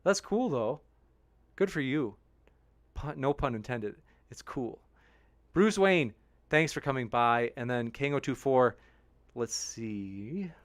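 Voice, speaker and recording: A man's voice: mid-range voice, lively intonation, slow, pauses often, dry recording. A young man hosting a debate livestream, reading viewer comments aloud and answering them, with sarcastic mocking voices for his critics. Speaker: debate channel host.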